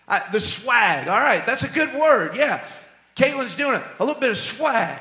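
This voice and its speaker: A man preaching a sermon as senior pastor, emphatic and animated. His voice is high and bright, jumping from loud bursts to hushed asides. It rings out in a roomy, echoing hall. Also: normal speed.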